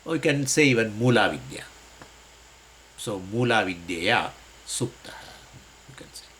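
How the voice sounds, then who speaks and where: A man's voice: on the low side, expressive, measured pace, fairly bright tone, slight background noise, low-quality recording. Man explaining Sanskrit scripture. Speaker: scripture teacher.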